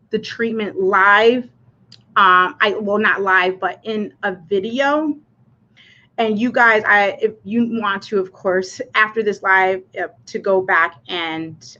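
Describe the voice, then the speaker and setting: A woman's voice: fairly high pitch, a bit bright, dull audio. A woman hosting a casual personal livestream. She talks in a chatty, rambling way with many fillers and restarts, and her voice sounds anxious and cracks. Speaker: livestream host.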